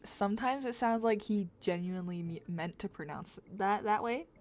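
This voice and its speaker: Her voice sits at medium pitch, a little mellow, at a moderate pace, with a bit of hiss or hum on the recording. She's a young drawing livestreamer with a slight Southern US accent, chatting casually to her viewers while she rambles, giggles, and corrects herself.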